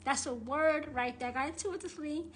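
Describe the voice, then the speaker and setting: A woman's voice: high-pitched, normal speed, a little hiss or hum. A woman who works as a witch and tarot reader, ranting on a livestream in a blunt, profane, indignant way and repeating phrases for emphasis. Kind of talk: live-streamed rant.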